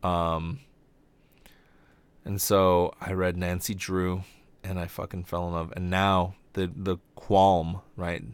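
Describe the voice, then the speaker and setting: A young man hosting a comedy podcast, ranting casually and profanely, his voice jumping high when he gets exasperated. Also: dry recording.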